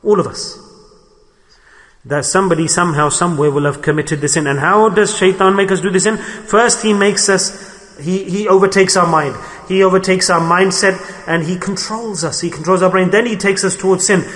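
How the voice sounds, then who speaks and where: A man's voice: high-pitched, moderate pace, a bit bright, long reverb tail. A man preaching a sermon, asking the listeners rhetorical questions and acting out quarrels in short bits of dialogue. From United Kingdom. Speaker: Islamic preacher.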